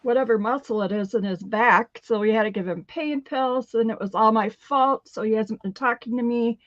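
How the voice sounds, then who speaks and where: Chatty lady rambling on a live stream, a bit high, flat muffled sound. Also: moderate pace, no room sound. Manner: chatty storyteller with many fillers. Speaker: co-host of a live craft sale stream. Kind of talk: casual chat. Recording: dry, dull lo-fi stream audio.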